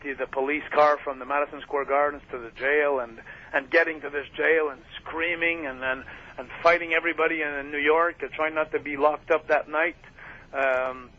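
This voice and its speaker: A man's voice: on the high side, steady tone, moderate pace. Rambling man on a muffled radio line. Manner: rambling with many fillers and laughs. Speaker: wrestler guest. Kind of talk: casual storytelling interview. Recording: muffled radio broadcast with faint hiss.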